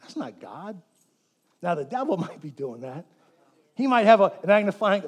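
High-voiced, jokey pastor preaching a sermon. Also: male voice, normal speed. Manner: animated and jokey, prompting the congregation to repeat words. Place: church.

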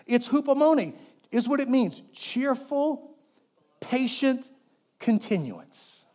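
Male pastor, high voice, animated jokey sermon delivery in church, congregation call-and-repeat. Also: takes it slowly, pauses often.

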